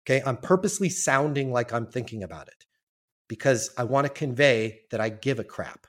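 A man's voice: mid-range voice, expressive, brisk. A man talking as a sales trainer on a podcast, emphatic and casual, acting out sales calls and swearing now and then. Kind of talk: energetic podcast coaching.

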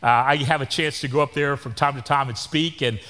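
A man's voice: mid-range voice, fairly even intonation, fairly quick, pushed and bright. A Texan man in his sixties preaching a sermon as pastor, with a folksy, joking manner and down-home sayings. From Texas. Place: church sanctuary. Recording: long church reverb.

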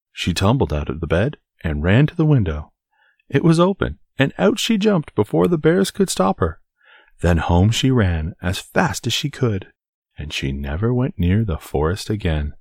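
Male bedtime storyteller, deep voice with a lively, swinging melody, dry close sound. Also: breathy edge, no echo. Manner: expressive, soothing read-aloud.

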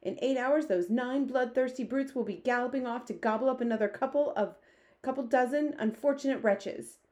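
A woman voicing a queen, measured and commanding. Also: sits high, darkish tone, pitched above the performer's own voice, lightly acted. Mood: firm. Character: calm, firm elderly queen.

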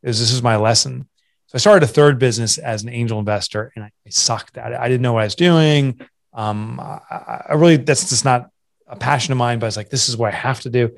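A man's voice: mid-range voice, brisk, creaky. A man in his forties, a guest entrepreneur and author, telling his story candidly in an interview, earnest and at times choked up. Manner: earnest, confessional, restarts often. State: emotional, voice catching.

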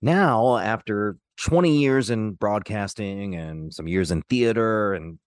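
A man's voice: fairly low pitch, takes it slowly, no room sound. A man in his forties with a faded Kentucky Southern accent, hosting a podcast with personal, confessional scripted narration. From Louisville, Kentucky. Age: 40s. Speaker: host and journalist.

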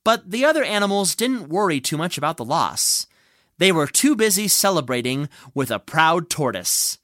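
A storyteller telling a fable in a gentle, playful way on a close, dry microphone. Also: medium pitch, big pitch swings, moderate pace, no room sound. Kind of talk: storytelling with banter.

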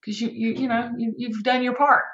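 A woman's voice: fairly high pitch, steady tone, fairly quick, a bit bright. A woman guest on a podcast, speaking earnestly and emotionally in a folksy, heartfelt way. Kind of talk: heartfelt conversational interview. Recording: echoey room, dull lo-fi sound.

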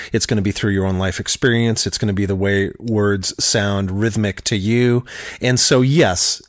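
A man co-hosting a writing podcast, telling stories in a relaxed, casual chat with easy laughs. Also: fairly low pitch, no room sound, clean studio sound. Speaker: podcast co-host.

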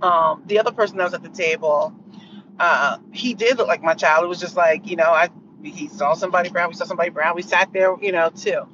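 A middle-aged woman talks casually to her listeners as a podcast host, animated and quick to act out other people's lines. She sits a little back from a dull-sounding mic. A faint hiss runs underneath. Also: on the low side. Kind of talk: casual storytelling monologue. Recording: distant muffled mic with faint noise.

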